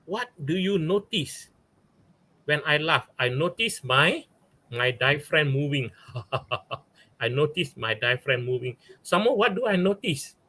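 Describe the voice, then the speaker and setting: Slow, bright-voiced man. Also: a little high, slightly rough. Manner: patient, explanatory, reads examples slowly and deliberately. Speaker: guest teacher explaining haiku. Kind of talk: live-stream lesson.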